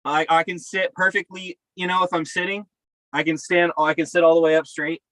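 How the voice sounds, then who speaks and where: A man's voice: on the high side, little pitch movement, fairly quick, a bit bright, no echo, rough recording. A man co-hosting a podcast over a video call from his camper, talking in a profane, upbeat, rambling way. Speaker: podcast co-host. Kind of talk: casual chat. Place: camper by a river outdoors.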